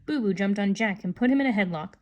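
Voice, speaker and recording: Woman, storybook reader, calm, unhurried, children's book narration. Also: medium pitch, muffled recording. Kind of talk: reading a children's book aloud.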